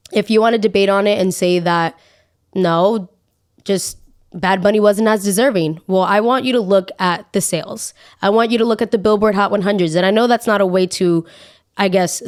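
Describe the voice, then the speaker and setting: Young woman ranting on her podcast. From Latina. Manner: animated ranting, jumps up high when outraged. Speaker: podcast host. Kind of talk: solo opinion podcast.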